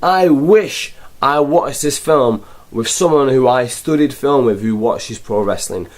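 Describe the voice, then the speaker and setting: A man's voice: medium pitch, measured pace. A young man reviewing a film in a rambling, sarcastic, casual way. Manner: rambling, sarcastic, full of fillers.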